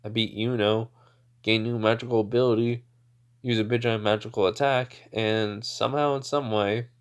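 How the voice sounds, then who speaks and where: A man's voice: on the low side, fairly even intonation, normal speed, smooth, lightly acted. A man voicing a cocky, smug young male fighter who teases and boasts. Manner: boastful, teasing.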